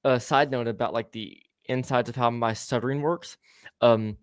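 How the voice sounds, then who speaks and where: A man's voice: medium pitch, fairly even intonation, normal speed, dry recording. A man hosting a casual podcast chat who stutters now and then, swears freely and laughs often. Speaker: podcast host.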